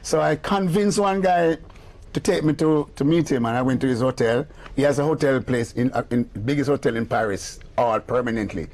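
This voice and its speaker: An older music producer with a Jamaican accent, telling animated anecdotes in an interview and acting out the voices of the people in them. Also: male voice, mid-range voice, brisk. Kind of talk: storytelling interview.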